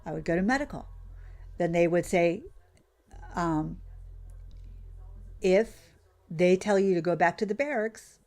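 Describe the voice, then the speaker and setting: A woman's voice: a little slow, long pauses, darkish tone. A woman streamer ranting in casual chat while playing a farming game, often losing her train of thought. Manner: ranting, loses her train of thought, mimics others in a higher voice. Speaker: gaming streamer.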